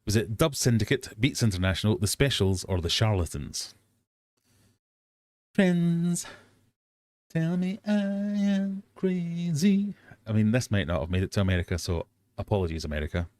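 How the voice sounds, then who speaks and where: A man's voice: low voice, fast, no echo. Chatty English man hosting a quiz. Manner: chatty, self-mocking, easily sidetracked, bursts into silly sung bits. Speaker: host of a live quiz hangout. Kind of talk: casual live-stream quiz hosting.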